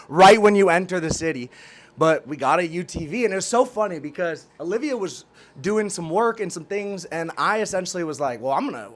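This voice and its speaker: A man hosting a casual talk show, hyped and preachy, repeating phrases and using slang. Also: high-pitched. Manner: slangy, talks to a cohost by name. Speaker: podcast host. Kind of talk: casual chat and promotion.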